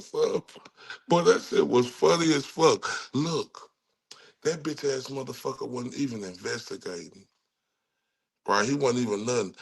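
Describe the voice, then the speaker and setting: A man's voice: medium pitch, gravelly, slightly rough. A man with a Texan accent giving angry, profane true-crime commentary and talking straight to his viewers. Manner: angry, cursing, talks to viewers.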